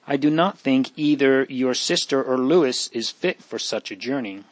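A kindly minister who speaks softly and in measured phrases, voiced by a man reading aloud. The voice sits mid-range for a man. It is recorded dry and close. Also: medium pitch, no echo, natural voice. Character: kindly older male minister, gentle and sad.

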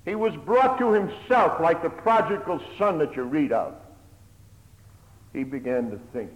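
A man preaching a sermon, swinging between loud pleading and hushed near-whispers, with old-fashioned pulpit phrasing that keeps calling his listeners "my hearers". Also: a little high, animated, a little slow. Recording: echoey hall, long reverb.

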